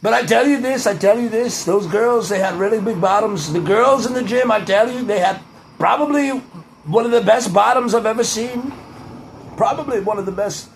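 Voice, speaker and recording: A man's voice: high-pitched, moderate pace, gravelly, a little hiss or hum, poor audio. A man doing a loose impression of a boastful male politician, rambling and repeating himself. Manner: rambling, repeats "I tell you".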